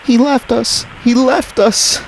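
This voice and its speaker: A man's voice: extremely high pitch, fairly even intonation, slow, slight background noise, pitched above the performer's own voice, exaggerated voice. A man voicing a frightened little girl who screams and wails in panic in a storybook reading. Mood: panicked.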